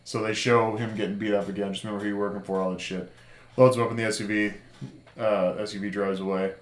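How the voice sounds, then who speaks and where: A man co-hosting a podcast, recapping a TV series in loose casual chat full of fillers and quick laughs. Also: lowish voice, level tone. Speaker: podcast co-host. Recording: roomy echo.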